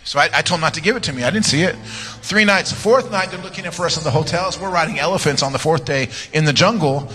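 A man's voice: a little high, fast, bright, forceful tone, breathy edge. A man preaching as a guest speaker in a church, telling stories in a playful, rambling way and laughing at his own jokes. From United States. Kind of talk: joking sermon with personal stories. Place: large church sanctuary. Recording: long church-hall reverb with music.

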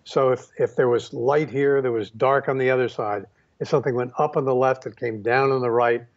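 A man recalling his past in a reflective, unhurried storytelling manner, pausing often and restarting his sentences. His voice sits at a middling pitch. The recording sounds dull and slightly lo-fi. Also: steady tone. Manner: unhurried, many fillers and restarts. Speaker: photographer guest.

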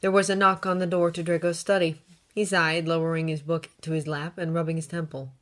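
A woman reading a fanfiction audiobook, narrating in a steady, even storytelling manner. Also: low-pitched, fairly quick. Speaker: reader.

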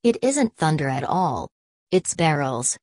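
A woman voicing a pompous older male factory owner who booms his words. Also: sing-song, measured pace, darkish tone, no room sound, studio quality, exaggerated voice. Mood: astonished. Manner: booming, pompous.

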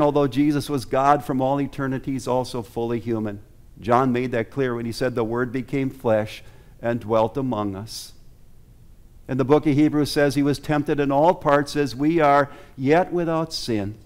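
Male pastor at the pulpit, mid-pitched, earnest, preaches with rhetorical questions to the pews. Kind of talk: sermon. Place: church sanctuary.

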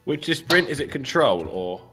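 Brief: male streamer, casual and sweary, very animated, game music behind. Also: medium pitch, moderate pace. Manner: swearing, laughing, exclaiming. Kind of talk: casual gaming chat with friends.

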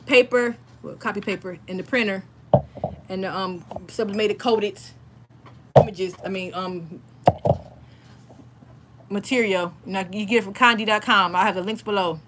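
A woman's voice: mid-range voice, moderate pace, long pauses, a bit bright, a little hiss or hum. A woman in her thirties, hosting a casual crafting livestream from home and chatting familiarly with her viewers.

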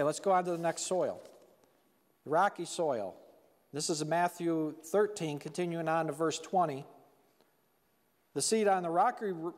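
A man's voice: sits high, darkish tone, long reverb tail. A man preaching a sermon in a church, talking plainly and acting out quotes of the people in the story. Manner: conversational, plain-spoken preaching with acted-out quotes. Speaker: pastor. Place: church sanctuary.

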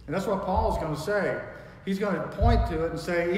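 A pastor preaching a sermon with emphatic, folksy delivery, jumping from quiet asides to loud declarations. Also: male voice, high-pitched, moderate pace. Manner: emphatic preaching with wide swings in loudness; folksy storytelling. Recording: echoey hall with long reverb.

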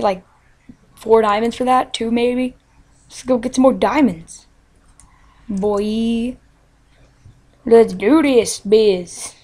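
A woman with a fairly high, slightly mellow voice hosts a game let's play, giving casual gameplay commentary. She chats to herself in a goofy, playful way and giggles often.

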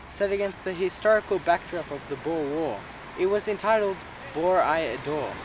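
A self-important theatre director, played by a man talks about himself with pompous pride. His voice sits high for a man. It comes from a mockumentary comedy. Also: background noise, close to an everyday voice. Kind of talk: mockumentary interview.

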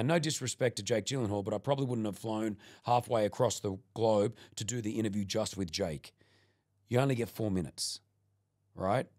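A middle-aged man from Australia, a radio presenter chatting as a podcast guest and telling anecdotes, acting out what people said. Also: mid-range voice. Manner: animated anecdote teller, acts out quoted lines. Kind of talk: casual chat, storytelling.

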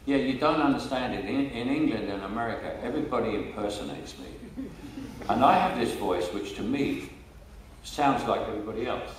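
An older Cockney man tells stories as an interview guest in a chatty, casual way, laughing often and repeating words when he restarts. His medium-pitched voice is animated and fairly quick, with slight background noise. The mic sits at a distance in an echoey room.

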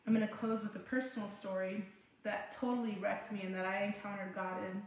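A woman's voice: medium pitch, little pitch movement, brisk. Heartfelt woman pastor in an echoey room. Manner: heartfelt, personal storytelling, addresses listeners directly. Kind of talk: online Bible study teaching.

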